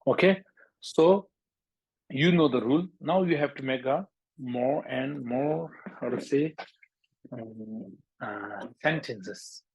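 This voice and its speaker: A husky-voiced man from Bhutan leads a language lesson in halting English, often repeating words and sounding out syllables for his students. The sound is dry and close, with no room around it. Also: medium pitch, darkish tone, no echo, rough recording. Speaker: teacher.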